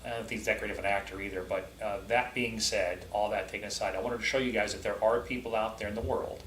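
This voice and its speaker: Male vlog host, lowish voice, casual and direct, roomy sound. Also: steady tone, quick pace, a bit bright, a little hiss or hum. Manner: chatty, addresses viewers directly. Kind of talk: casual commentary. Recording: roomy echo.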